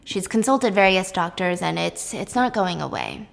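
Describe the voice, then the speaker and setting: A woman voicing an older female professor who speaks in a measured way with small hesitations. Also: on the low side, expressive, gravelly, big-room sound. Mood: earnest.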